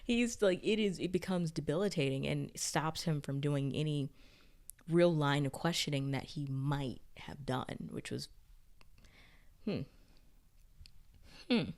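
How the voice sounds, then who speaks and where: Low-voiced woman chatting through a recap. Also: unhurried, long pauses, darkish tone. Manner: chatty, heavy use of "like", rambling restarts. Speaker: TV recap reviewer. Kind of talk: casual spoken recap.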